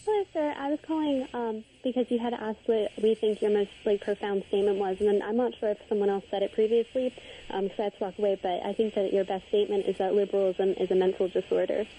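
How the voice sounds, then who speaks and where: A woman's voice: mid-range voice, fairly even intonation, fast, mellow, a little hiss or hum, poor audio. A woman calling in to a radio show, speaking politely in a rambling way. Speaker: caller. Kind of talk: call-in chat.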